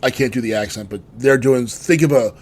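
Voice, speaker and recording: A man's voice: medium pitch, fairly quick, a little mellow. A man co-hosting a podcast in casual chat, telling loose, rambling stories. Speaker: podcast co-host.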